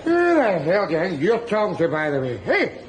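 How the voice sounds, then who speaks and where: A gravelly, brash Scottish street philosopher in a sitcom, belligerent and mocking, his high voice leaping up and down. He rants with a strong Scottish accent while a crowd and noise fill the air behind him. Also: huge pitch swings, fairly quick. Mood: ranting. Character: loudmouthed boozy middle-aged Scottish street philosopher. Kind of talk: sitcom acting.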